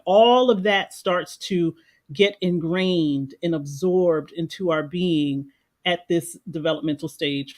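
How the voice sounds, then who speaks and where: A woman life coach on a livestream, talking in an earnest, reflective and emotional way. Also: on the low side. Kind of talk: livestream meditation talk. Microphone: livestream microphone.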